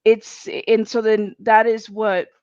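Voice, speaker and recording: A woman's voice: a little high, level tone, slow, a little mellow, clear, resonant tone, no room sound, muffled recording. A woman working as a social worker, joining by remote call and earnestly explaining with many fillers. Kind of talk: casual call-in conversation. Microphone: remote call audio, not on camera.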